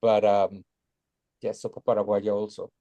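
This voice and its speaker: Mellow-voiced man, dry close sound. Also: on the low side, little pitch movement, moderate pace, no room sound, lo-fi sound. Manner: thoughtful, uses fillers like "like" and "uh". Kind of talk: casual video call chat.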